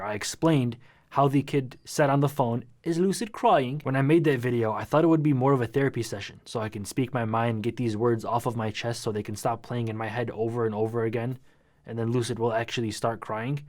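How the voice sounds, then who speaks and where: Animated slangy male YouTuber. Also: mid-range voice. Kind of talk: casual vlog storytelling.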